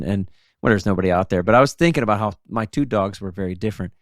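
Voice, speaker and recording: A man's voice: on the low side, no echo, studio quality. A man hosting a podcast, chatting casually with old fishing friends and telling stories with frequent laughter. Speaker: podcast host.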